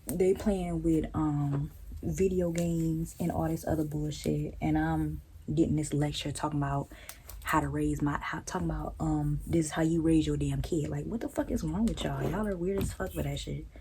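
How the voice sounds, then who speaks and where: A young woman vlogging close to the mic, ranting casually in a blunt, profane, animated way. Her voice sits low and mellow, and it jumps into high incredulous tones now and then. A faint hiss runs under her speech. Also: moderate pace, low-quality recording. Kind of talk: casual storytelling rant.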